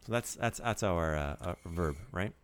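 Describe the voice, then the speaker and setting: A low-voiced man runs a relaxed podcast language lesson, his pitch swinging widely as he jokes around. He coaches listeners through each word and drills its pronunciation. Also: normal speed. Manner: lively, joking, coaching pronunciation. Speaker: language teacher host.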